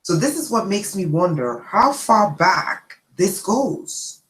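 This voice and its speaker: Animated, chatty woman storyteller, roomy sound. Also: mid-range voice, slow pace, a little hiss or hum. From immigrant to the United States. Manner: chatty, animated, checks in with "okay?". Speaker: channel host. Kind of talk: casual livestream storytelling.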